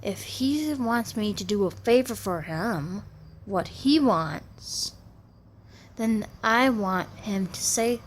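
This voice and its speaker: Slow-talking aggrieved woman in her thirties. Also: mid-range voice, animated, slight background noise. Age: 30s. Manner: rambling and aggrieved, with restarts. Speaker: vlogger. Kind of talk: personal venting vlog.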